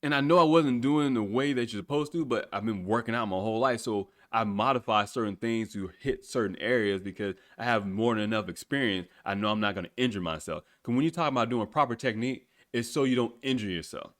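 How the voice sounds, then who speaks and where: Animated, laughing man in his thirties. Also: on the low side, brisk, few pauses. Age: 30s. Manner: animated, laughs often, swears, colloquial. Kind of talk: casual storytelling chat.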